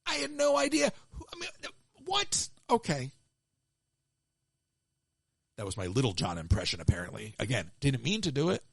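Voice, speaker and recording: A man's voice: medium pitch, wildly swooping pitch, quick pace, vocal fry, few pauses, husky, no room sound, clean studio sound. A man hosting a live call-in show, ranting in an exasperated, sarcastic way.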